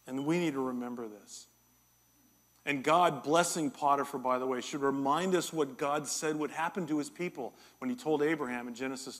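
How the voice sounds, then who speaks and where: A middle-aged man preaching a sermon as a pastor, telling a story with animated energy and joking with his congregation. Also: medium pitch. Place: church hall.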